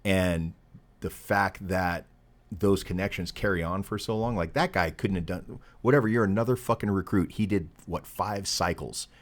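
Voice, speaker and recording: Guest: middle-aged man, very low voice, swears freely, animated storyteller. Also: moderate pace. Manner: profane, animated anecdote teller. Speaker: podcast guest. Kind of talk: casual storytelling.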